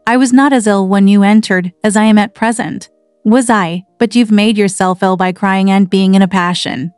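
A woman's voice: mid-range voice, steady tone, normal speed, a little mellow, clear, resonant tone, no room sound, faint music behind, lightly acted. A woman reading the part of a sickly, petulant teenage boy in a storybook reading. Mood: peevish. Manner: petulant and complaining.

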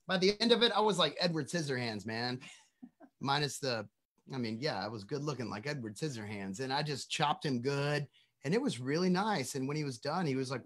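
A bright, forceful man in his forties talks over a video call from his home studio. He is a musician guest, animated and joking as he tells stories in a slightly high voice. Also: a little fast. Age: 40s. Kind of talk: casual interview chat.

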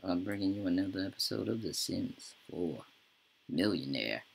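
A woman's voice: rumbling low, expressive, normal speed, gravelly, noisy background. A woman hosting a let's-play, giving profane, exasperated gameplay commentary and ranting at the game. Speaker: gaming channel host.

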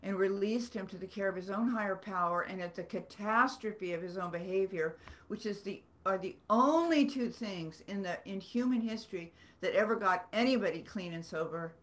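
A woman's voice: medium pitch, moderate pace, hardly any pauses. Woman telling stories on a video call. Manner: earnest, rambling storyteller with self-deprecating humor. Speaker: author guest. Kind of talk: storytelling in a video-call book club.

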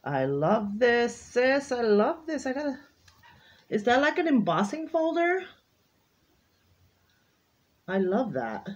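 A woman's voice: on the high side, sing-song, slow, pauses often. A woman crafting vlogger in casual unboxing chat, gushing and exclaiming over each item she opens.

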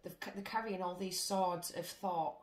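A woman's voice: fairly low pitch, fairly even intonation, normal speed. A woman giving a casual tarot reading to her viewers, chatty and blunt, swearing freely as she goes. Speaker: tarot reader. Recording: echoey room with faint noise.

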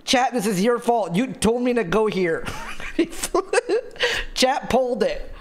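A man's voice: very high voice, moderate pace. A man streaming live and chatting with his viewers, rambling and venting with lots of fillers and swearing. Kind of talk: casual chat to stream viewers.

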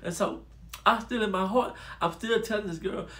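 Brief: male vlogger, slightly high voice, animated casual storytelling, talks straight to viewers. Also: moderate pace. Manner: animated, addresses listeners as y'all.

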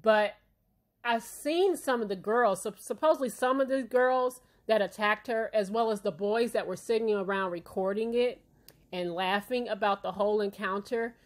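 A woman's voice: mid-range voice, normal speed. A woman who is a parent hosting a casual opinion commentary, talking bluntly and emphatically and often checking in with her listeners. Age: adult parent. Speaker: commentary channel host.

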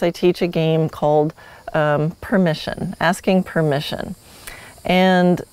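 Low-voiced woman teaching horsemanship, dry sound. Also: dark tone, no room sound. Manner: friendly and instructive, with light laughs. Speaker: podcast host and horsemanship teacher. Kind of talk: solo podcast teaching.

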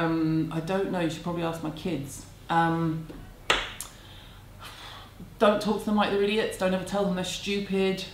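A woman, answering viewer questions at home in a candid, chatty, self-deprecating way. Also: lowish voice. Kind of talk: casual chat. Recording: echoey room, faint background hum.

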